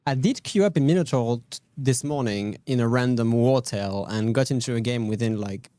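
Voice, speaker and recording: A man's voice: mid-range voice, normal speed, warm tone, no echo. Male stream host, casual gameplay commentary, dry close mic, easygoing and rambling. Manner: laid-back, rambling, fillers, answers chat.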